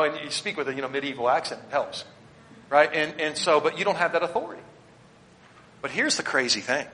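A Baptist pastor preaches with a bright, forceful, somewhat high voice, animated and brisk, alternating loud emphatic declarations with quiet asides. He addresses the congregation directly and points them to their notes. The audio rings with long church-sanctuary reverb plus a little hiss or hum.

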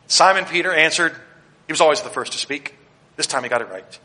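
A man preaching a sermon with a bright, forceful voice that sits somewhat high. He swings between loud emphatic declarations and quiet asides, speaking straight to the congregation. The sound rings with the long reverb of a church sanctuary. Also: brisk. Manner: addresses the congregation directly and points them to their notes. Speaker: Baptist pastor.

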